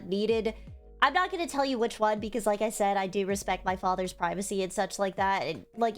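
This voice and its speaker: A young woman streamer telling a story in casual, rambling livestream chat, emotional and swearing freely. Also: fairly high pitch. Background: faint music.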